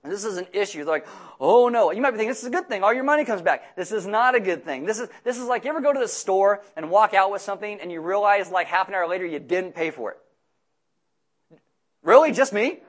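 Animated, high-voiced man preaching. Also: fast. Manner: animated, jokey storytelling, loud emphatic outbursts. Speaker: pastor. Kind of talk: sermon with humorous asides.

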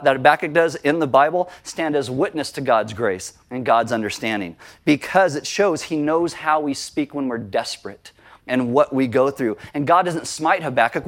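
A male pastor preaching a sermon, acting out quoted prayers with animated emphasis. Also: on the high side.

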